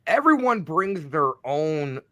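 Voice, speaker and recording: A man's voice: fairly high pitch, sing-song, slow pace, fairly bright tone, no echo. A man telling stories in a casual chat, easygoing and talkative. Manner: easygoing storyteller.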